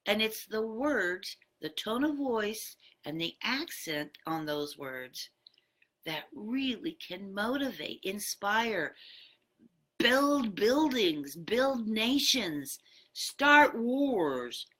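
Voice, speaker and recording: Woman speaker, bright tone, deliberate slow motivational delivery, leans hard on key words. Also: on the low side. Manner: emphatic, varies tone for effect. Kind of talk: motivational talk.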